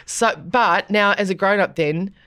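A middle-aged woman with an Australian accent hosts a casual podcast chat. She is animated and laughs readily. She often slips into other people's voices to tell a story. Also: medium pitch, unhurried. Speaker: podcast host.

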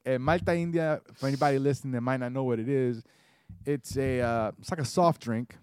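A young man co-hosting a podcast, joking and chiming in with quick quips. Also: mid-range voice, a little mellow, slight background noise. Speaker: podcast co-host. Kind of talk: casual chat.

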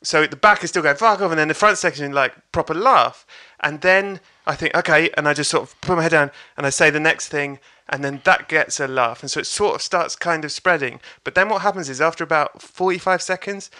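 A man, telling a lively sweary story in casual chat. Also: fairly high pitch, a little fast, few pauses. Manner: animated, swears, acts out crowd voices. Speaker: comedian guest.

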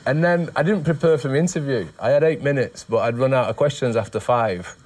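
A man's voice: mid-range voice, a little fast, a little mellow. A man from the north of England, a guest in a casual chat, telling self-mocking stories and laughing often. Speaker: guest, former cricketer.

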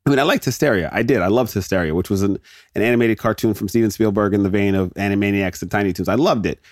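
A man's voice: lowish voice, quick pace, no room sound. Rambling jokey man, dry close mic. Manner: rambling, jokey, self-interrupting. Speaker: podcast host. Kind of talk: casual solo rant.

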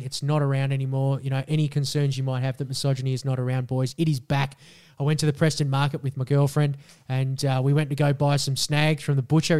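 Crude, animated Australian bloke. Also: male voice, on the high side, clean tone. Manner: crude, animated storyteller, acts out voices loudly. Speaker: podcast co-host. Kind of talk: casual chat.

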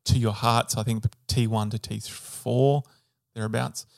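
A man's voice: medium pitch, fairly even intonation, a little slow, vocal fry, a little mellow, no room sound, studio quality. Man explaining physiology casually. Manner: explains with fillers and self-corrections, joking. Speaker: podcast co-host. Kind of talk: casual educational chat.

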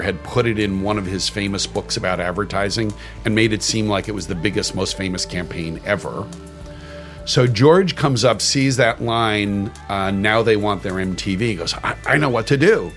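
A man, a former media executive, telling an anecdote bluntly and animatedly. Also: lowish voice. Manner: animated, blunt, speeds up and slows down. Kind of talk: casual anecdote.

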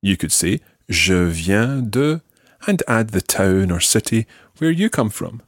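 Husky, lively-voiced male French teacher. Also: on the low side, no echo, clean studio sound. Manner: patient, models phrases slowly and clearly. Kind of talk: language lesson with a learner.

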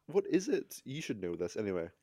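A man co-hosting a podcast, chiming in with quick, playful reactions in casual chat. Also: on the low side, sing-song, warm tone, no room sound, studio quality. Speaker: podcast co-host.

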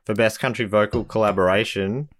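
Easygoing man, low and dry. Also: fairly even intonation, brisk, no room sound. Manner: easygoing, thinks aloud with hesitations. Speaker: podcast co-host. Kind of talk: casual chat about albums.

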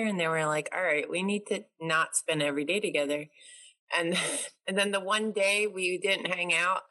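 A woman's voice: lowish voice, bright, forceful tone, low-quality recording. A woman from New York hosting a casual video call chat, bubbly and chatty, laughing often. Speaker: host.

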